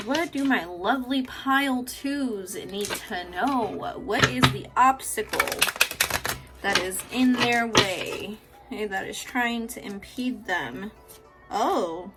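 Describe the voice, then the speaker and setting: A young woman doing a casual tarot reading, swinging from hushed prayers to loud, laughing, swearing outbursts. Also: medium pitch, lively intonation, a little slow, over loud music. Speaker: tarot reader.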